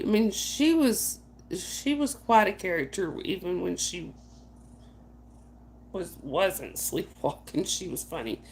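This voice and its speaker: A woman's voice: mid-range voice, creaky, a little mellow, slight background noise. A woman hosting a night chat stream, casually telling family stories, laughing often and calling out to viewers by name. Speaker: livestream host.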